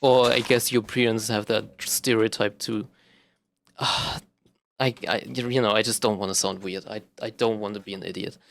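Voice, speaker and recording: A young man from Germany, speaking German as his first language, rambles through a casual vlog monologue. His voice sits a little low, and he hesitates often, restarting sentences and filling pauses with "uh" and "um". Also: steady tone, creaky, a bit bright. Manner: rambling, self-conscious, many fillers and restarts. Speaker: vlogger.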